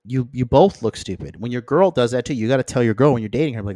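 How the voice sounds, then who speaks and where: A man's voice: animated, fast, mellow, no room sound, studio quality. A man hosting a livestream of dating advice, talking bluntly and with profanity, checking in with the chat and acting out friends in mocking voices. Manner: acts out friends and exes in mocking higher voices. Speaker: host.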